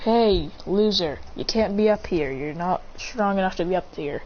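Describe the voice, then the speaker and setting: A woman voicing an arrogant teenage boy rival who sneers slowly and scornfully. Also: lowish voice, close to an everyday voice. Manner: scornful, slow and drawn out. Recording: slightly muffled with faint hiss.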